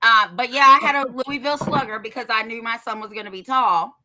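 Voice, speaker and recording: Blunt, bright-voiced middle-aged woman. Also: on the high side, steady tone, a little fast. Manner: blunt, profane, laughs a lot. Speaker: podcast co-host. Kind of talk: casual podcast chat.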